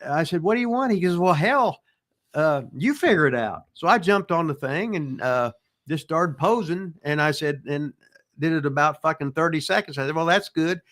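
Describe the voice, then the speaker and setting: A man's voice: on the high side, moderate pace, a bit bright. Rambling, profane older man with a drawl. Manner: rambling, profane, restarts and folksy asides. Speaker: retired pro wrestler answering listener questions. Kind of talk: casual storytelling chat.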